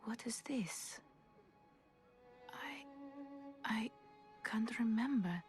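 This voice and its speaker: A woman voicing a gentle, calm female doll who serves hunters in a game, speaking softly and with wonder. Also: on the high side, soft background music. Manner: soft, slow and wondering. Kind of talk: game character dialogue.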